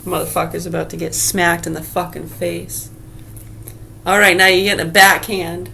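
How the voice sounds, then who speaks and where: A woman's voice: lowish voice, flat delivery, moderate pace, creaky, pushed and bright, a little hiss or hum. A middle-aged woman vlogging in a casual, sarcastic rant full of swearing. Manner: profane, sarcastic, heated. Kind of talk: casual ranting monologue.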